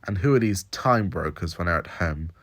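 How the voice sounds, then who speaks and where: A man's voice: deep voice, expressive, normal speed. A man doing a breezy, eccentric male time traveller. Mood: probing.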